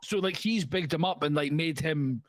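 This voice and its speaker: A man's voice: fairly high pitch, moderate pace, no echo. A man with an Irish accent, co-hosting a casual podcast, talking loosely with lots of filler phrases. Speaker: podcast co-host. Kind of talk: casual chat.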